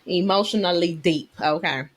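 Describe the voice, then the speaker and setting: A woman co-hosting a faith podcast, chatting casually in an animated, emotional way. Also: on the low side, moderate pace. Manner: animated, emotional storyteller, Southern US dialect forms. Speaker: podcast co-host. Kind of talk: casual chat.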